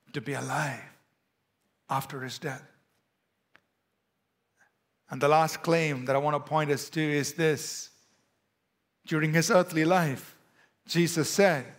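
A pastor with an Indian English accent, preaching a sermon to a church with emphatic, rising and falling delivery. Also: male voice, fairly high pitch.

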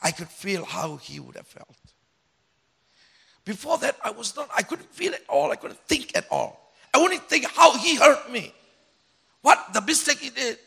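A man, a pastor, telling a personal story in a sermon in an animated way, swinging between loud and hushed. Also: very high-pitched, moderate pace, creaky, pauses often, slightly rough. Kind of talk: sermon testimony.

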